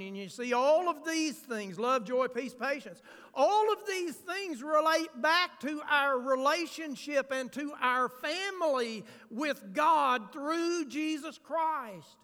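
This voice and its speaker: Male pastor preaching in a church sanctuary, slow and deliberate delivery. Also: extremely high pitch, expressive, bright, forceful tone, big-room sound. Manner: preaching with sudden swells of emphasis and asides. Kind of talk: sermon.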